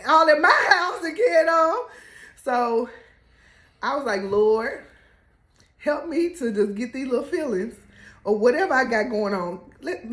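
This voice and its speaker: A woman telling a story in a casual, animated way, laughing and acting out quotes. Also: medium pitch, echoey room. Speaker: co-host telling their couple story.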